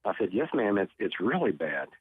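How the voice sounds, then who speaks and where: This talk show guest, a tornado survivor from Oklahoma, speaks a little fast with big swings in pitch, a voice on the low side, and a breathy edge. He earnestly shares a personal story, often repeating his words. The recording is dry but tinny, as if over a phone line.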